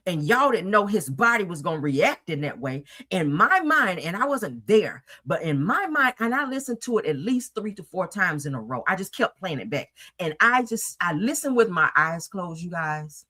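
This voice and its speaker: A woman hosting a commentary show, ranting emphatically and swearing freely in casual talk. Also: medium pitch. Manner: animated, profane, emphatic ranting.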